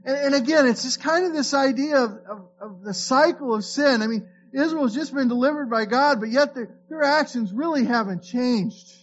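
High-voiced man preaching a casual sermon. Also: normal speed, few pauses, dull audio, slight background noise. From Florida. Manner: conversational, repeats words when restarting, reads scripture aloud. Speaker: pastor.

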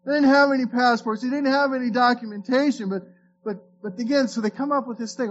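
A Florida pastor with a fairly high, steady voice preaches briskly and conversationally, reading scripture aloud and often stumbling over repeated words as he restarts. The lo-fi recording sounds slightly dull, with a faint hum beneath it.

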